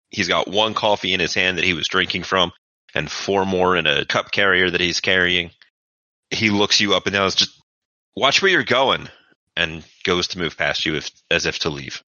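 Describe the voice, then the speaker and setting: A man with a very low voice narrates a tabletop game as its game master in a loose, casual way. His tone is bright and forceful, and the audio is dry and dull like a lo-fi podcast recording. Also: no room sound.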